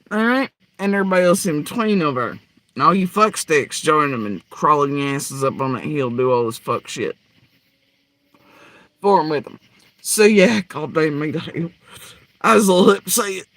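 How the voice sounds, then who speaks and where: A man delivering a heated, profane rant, swinging between loud outbursts and low muttering. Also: no room sound. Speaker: podcaster ranting.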